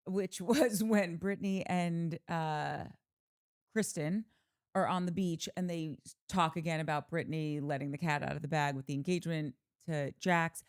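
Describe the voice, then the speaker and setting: A woman's voice: low-pitched, fairly even intonation, clear, resonant tone, no echo, clean studio sound. A woman co-hosting a podcast, recapping a reality show scene with wry, giggly asides. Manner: wry, giggly, quick to laugh. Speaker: podcast co-host. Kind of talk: casual reality-TV recap chat.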